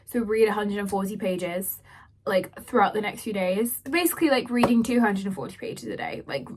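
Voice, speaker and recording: A young woman in her twenties, chatting casually as a book vlogger, rambling with lots of fillers and sounding a little hoarse. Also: medium pitch, normal speed, noisy background. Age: 20s. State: slightly hoarse, losing her voice. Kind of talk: casual vlog chat.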